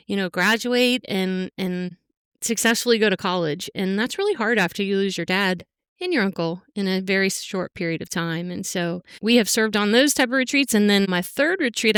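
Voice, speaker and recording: A middle-aged woman sharing her own story on a podcast, earnest and halting, pausing often. Her voice is very smooth and clear. It sounds dry and close, with no room around it. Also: medium pitch, fairly bright tone, no room sound. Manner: heartfelt, halting, full of fillers. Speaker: podcast guest. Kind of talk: emotional personal interview.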